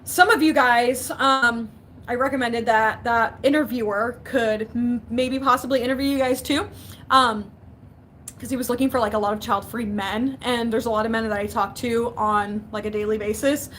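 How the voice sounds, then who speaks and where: Bright, high-voiced, giggly young woman. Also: steady tone, normal speed, a little hiss or hum. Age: young adult. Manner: chatty, giggly, reads out comments. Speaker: vlogger. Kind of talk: casual livestream chat. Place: basement.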